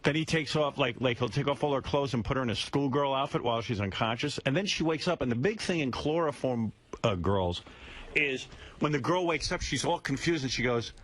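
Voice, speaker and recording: A man's voice: mid-range voice, animated, a little fast, fairly bright tone. A male radio host in a studio, telling a crude, rambling story and often breaking into laughter.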